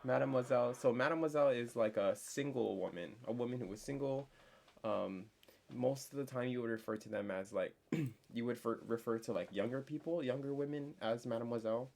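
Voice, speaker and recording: A young man teaching a casual online French lesson, chatty and full of fillers, slowing down to spell out words. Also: medium pitch, gravelly, a little mellow.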